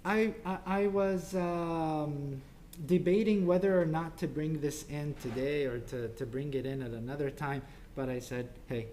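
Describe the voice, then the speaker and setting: Halting man giving a parenting talk. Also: on the high side, slight background noise. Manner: halting, many ums and restarts, acts out quotes softly. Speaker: speaker at a church parenting talk. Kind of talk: informal talk to an audience.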